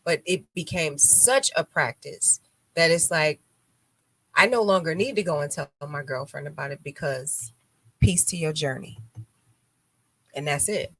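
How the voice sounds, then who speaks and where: A woman with a notably low voice hosts a live radio talk show. She chats casually and bluntly, telling stories with animated flair and acting out what people said. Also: measured pace, pauses often, no echo. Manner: blunt, animated storytelling with acted quotes. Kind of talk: casual chat.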